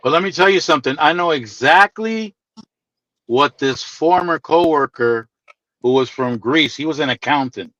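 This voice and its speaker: Playful storytelling man, lively voice. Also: a little high, moderate pace, no echo, dull audio. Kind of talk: casual group chat.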